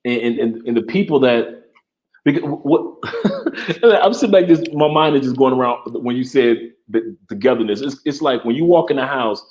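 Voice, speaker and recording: A man with an ordinary mid-pitched voice talks in a relaxed chat. He reflects as he speaks and often repeats a word or two before finding his point. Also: normal speed. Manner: reflective, repeats words while gathering thoughts. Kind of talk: casual chat.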